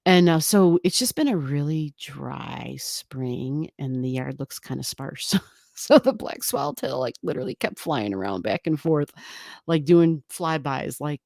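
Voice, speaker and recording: On her astrology livestream, a woman chats casually and rambles, welcoming viewers and reading out comments while laughing a lot and swearing a little. Her voice sits low with a darkish tone and a sing-song lilt at normal speed. It's a dry, studio-quality recording.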